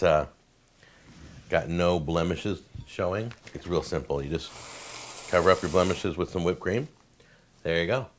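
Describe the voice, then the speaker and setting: Low-voiced man gushing over food. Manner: stammers and repeats words when excited. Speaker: cooking show host. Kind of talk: casual cooking demonstration talk.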